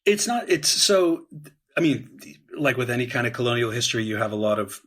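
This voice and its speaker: A man speaking as a guest historian on a podcast, explaining at length in a measured way with frequent "um"s and "right?"s. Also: medium pitch, sing-song, a bit bright.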